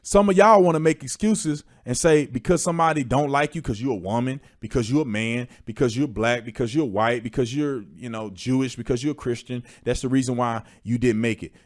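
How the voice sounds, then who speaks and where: A young man, hosting an opinion stream and preaching his points, sometimes rising to a shout. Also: mid-range voice, fairly quick, few pauses. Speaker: livestream host.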